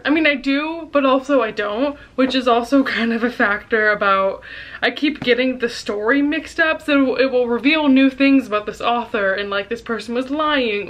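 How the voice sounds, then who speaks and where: Give me a chatty young woman book vlogger with a slightly high voice. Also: fairly bright tone. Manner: chatty and rambling, laughs often. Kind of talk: casual chat.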